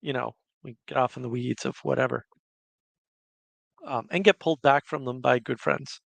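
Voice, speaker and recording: A man's voice: medium pitch, normal speed, creaky, fairly bright tone, no echo. A man hosting a casual livestream, chatting and reading viewer comments aloud. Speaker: livestream host.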